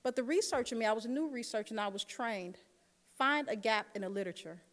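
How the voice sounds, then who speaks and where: In a large dinner hall with long reverb, a woman delivers a keynote at a quick pace, her voice a little high. She engages the audience directly while telling them a personal story.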